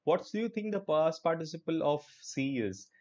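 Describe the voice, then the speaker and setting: Upbeat Indian English teacher, lo-fi audio. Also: male voice, on the high side, lively intonation, normal speed, darkish tone. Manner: upbeat, encouraging, mixes Hindi into English. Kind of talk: live online class.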